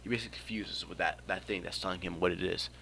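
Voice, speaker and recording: Young man, low voice, rambling, swears freely, improvised fan story. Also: steady tone, fast talker, gravelly, pushed and bright, slight background noise. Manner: rambling, swears freely, laughs at own jokes.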